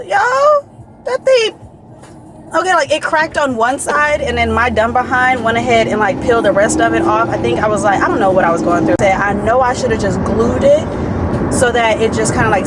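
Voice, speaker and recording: A woman in her thirties chatting casually to viewers in a vlog, animated and slangy with frequent asides. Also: a little high, heavy background noise. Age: 30s. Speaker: vlogger. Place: in a car and at home.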